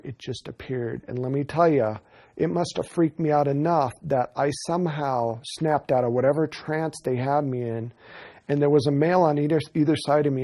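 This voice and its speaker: A man's voice: medium pitch, gravelly, dark tone. A man in a documentary interview, telling his story in an earnest, rambling way with frequent restarts. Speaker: interviewee recounting an experience.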